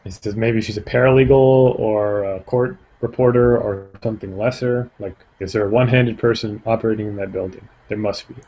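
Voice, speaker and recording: Relaxed man with a mellow voice. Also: lowish voice, fairly quick, hardly any pauses, rough recording. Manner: relaxed, describing actions casually. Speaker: player. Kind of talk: tabletop game play.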